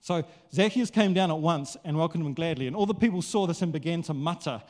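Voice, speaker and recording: A male pastor preaching a sermon in a casual, conversational, animated way, acting out quotes. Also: a little high, fairly quick, hardly any pauses.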